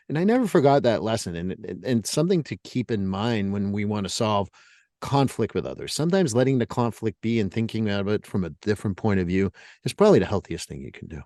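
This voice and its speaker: A man's voice: on the low side, animated, quick pace, a little mellow, no room sound, studio quality. A middle-aged man hosting a podcast, telling stories in a blunt, casual way and often repeating words. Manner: storytelling, blunt, repeats himself. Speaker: podcast host.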